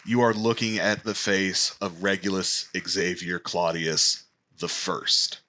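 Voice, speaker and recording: A man narrating as game master of a tabletop game, speaking haltingly with many fillers. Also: deep voice, steady tone, sharp tone, a little hiss or hum.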